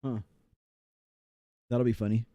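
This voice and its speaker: A man's voice: mid-range voice, level tone, slow, mellow, no echo. A man from the United States chatting casually on a live game stream, rambling and reading chat aloud with many fillers.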